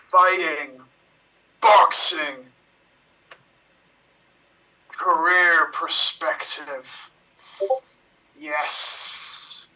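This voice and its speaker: Boastful wooden wrestler played by a man, slow and clipped, bright, heard from off-mic. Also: a little high, recorded from a distance, heavily acted, poor audio. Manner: terse clipped one-word phrases. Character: boastful male action-movie wrestler made of wood. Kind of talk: improv game performance.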